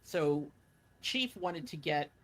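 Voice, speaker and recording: Bright-voiced woman telling stories. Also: deep voice, lively intonation, slow. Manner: chatty, rambling with many fillers. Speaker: guest. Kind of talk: casual storytelling interview.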